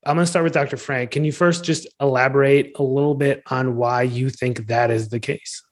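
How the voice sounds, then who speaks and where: A man moderating a panel, introducing questions in a brisk, friendly way. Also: medium pitch, fairly even intonation.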